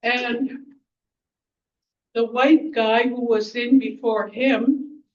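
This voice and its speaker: A woman giving a blunt, angry, outspoken speech at a community event, often pausing to search for words. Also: fairly high pitch, steady tone, distant mic, muffled recording. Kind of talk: impromptu public speech.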